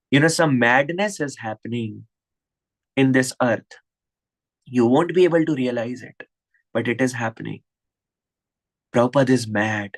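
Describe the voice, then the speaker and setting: A man with an Indian English accent speaks at medium pitch and moderate pace, expressive and pausing often, over poor audio. A spiritual teacher, he delivers a devotional lecture on an online video call, impassioned and scolding, full of rhetorical questions.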